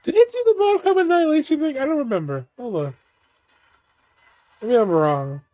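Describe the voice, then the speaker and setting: A man's voice: extremely high pitch, lively intonation, brisk, mellow, muffled recording. A man giving casual watch-along commentary on a movie, laughing often and swearing freely as he riffs jokes.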